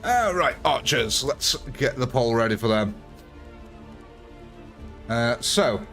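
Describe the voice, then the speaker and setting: A man's voice: mid-range voice, sing-song, slow, pauses often, fairly bright tone, soft background music. A young man chatting through a live gameplay stream, thanking viewers and talking through his choices.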